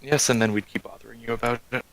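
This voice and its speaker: A man's voice: medium pitch, steady tone, fast talker, vocal fry, fairly bright tone, rough recording. A man speaking in character in a tabletop role-playing game, in a dry, matter-of-fact way. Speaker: player.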